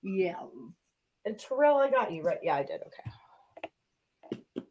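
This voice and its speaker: A woman's voice: medium pitch, sing-song, a little slow, highs cut off, crowd noise. A woman hosting a live sports betting show, reading out viewers' picks and chatting casually.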